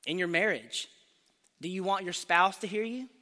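Bright-voiced male preacher in a hall. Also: high voice. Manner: earnest, emphatic, slows for key phrases. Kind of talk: sermon. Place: church sanctuary. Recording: church hall reverb.

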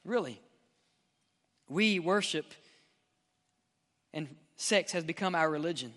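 A male pastor, preaching an impassioned sermon that swings between loud and hushed. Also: high-pitched, expressive, measured pace, long pauses, long reverb tail.

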